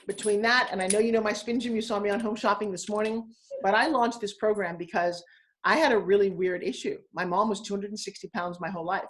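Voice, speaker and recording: Sixty-ish lady talking fast and blunt on a video call, really animated. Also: mid-range voice. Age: 60s. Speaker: guest. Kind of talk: live video interview.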